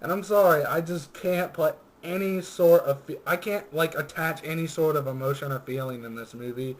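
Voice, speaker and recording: A man's voice: fairly high pitch, normal speed, poor audio. A young man co-hosting a casual movie-ranking chat, ranting with profanity and frequent laughter. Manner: profane, laughing, animated rants. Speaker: co-host of a movie review show.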